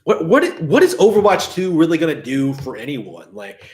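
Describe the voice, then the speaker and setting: A man's voice: a little high, wildly swooping pitch, moderate pace, darkish tone. A man hosting a casual gaming commentary stream, rambling and hedging with fillers and swearing. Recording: echoey room.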